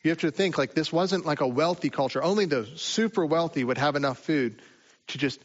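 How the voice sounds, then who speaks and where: A man preaching a sermon in a relaxed, conversational way, with rhetorical asides to the listeners. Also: a little high, normal speed, highs cut off. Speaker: pastor.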